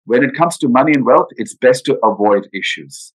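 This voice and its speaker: This podcast interview features a man, the guest financial adviser, discussing retirement planning in a mid-range, husky voice at a moderate pace. Animated, earnest and emphatic, he leans on rhetorical questions, and the recording quality is low.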